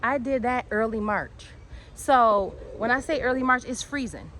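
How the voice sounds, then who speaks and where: A bubbly woman with a fairly high voice chats her way around her backyard garden. Her talk jumps from point to point with lively energy. Clear outdoor noise, birdsong and passing traffic sit behind her voice. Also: measured pace. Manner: excitable, chatty, easily distracted. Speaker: home gardener and channel host. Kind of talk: casual walk-and-talk garden tour.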